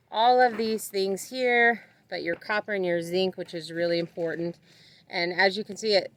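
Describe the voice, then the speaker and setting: A middle-aged woman hosting a casual homesteading vlog, chatting about goat care outdoors on her farm and laughing at her own slip-ups. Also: medium pitch. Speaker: homesteading vlogger.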